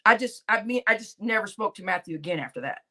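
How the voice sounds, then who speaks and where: A woman hosting a live stream in casual talk, retelling drama in an animated way and reading viewer comments aloud. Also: medium pitch, quick pace, vocal fry.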